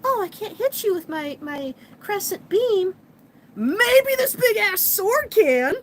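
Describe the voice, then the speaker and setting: A woman doing a drawn-out, defiant heroine girl. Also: very high-pitched, big pitch swings, slight background noise, pitched above the performer's own voice, heavily acted. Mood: mock dramatic.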